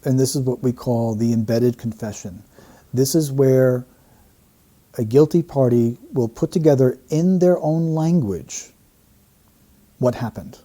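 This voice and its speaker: A man's voice: medium pitch, measured pace, pauses often, mellow. A man analysing an interview clip, explaining the wording of a statement phrase by phrase. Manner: explanatory, breaks down quotes phrase by phrase. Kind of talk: analytical commentary.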